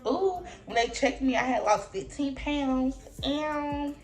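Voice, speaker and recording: A young woman telling a storytime vlog in casual slang, acting out voices with big jumps in pitch. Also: slow pace. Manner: animated storytelling, acting out her own and others' lines with big pitch jumps. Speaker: vlogger.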